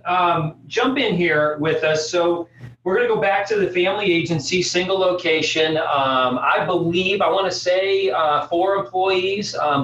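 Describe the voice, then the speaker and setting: A man's voice: sits high, a bit bright. A man moderates a panel, encouraging the speakers and leaning on plenty of fillers. He sits away from the mic, so his voice sounds dull and roomy, with a faint hiss behind it. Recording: distant dull echoey audio with faint hiss.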